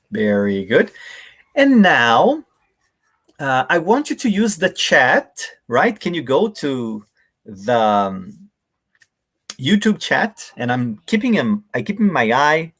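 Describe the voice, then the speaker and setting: Lively male workshop presenter. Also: mid-range voice. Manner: friendly, addresses viewers directly and demonstrates intonations aloud. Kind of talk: live online teaching talk.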